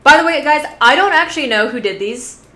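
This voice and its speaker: A woman's voice: high voice, expressive, a little fast, pushed and bright. A woman streamer chatting casually with her viewers, giggly and rambling, swearing freely. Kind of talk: casual live-stream chat. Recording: roomy echo.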